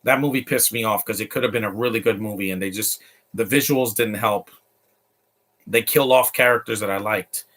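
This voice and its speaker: A man's voice: on the low side, moderate pace, fairly bright tone. Man, casual movie reaction talk, opinionated, chatty, offhand.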